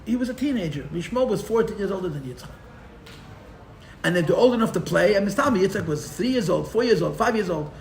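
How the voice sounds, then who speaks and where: A man teaching a live Torah class as a rabbi, telling the story with animated, sarcastic humor and mixing in Hebrew and Yiddish terms. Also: sits high, fast, roomy sound, a little hiss or hum. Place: room for a live-streamed class.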